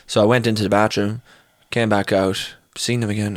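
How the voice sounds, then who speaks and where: A man's voice: fairly low pitch, little pitch movement, moderate pace, few pauses, no room sound, clean studio sound. A man in his twenties with an Irish accent, a podcast co-host telling rambling, sweary stories in casual chat. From Ireland. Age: 20s. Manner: rambling storyteller, swears a lot, breaks into laughter.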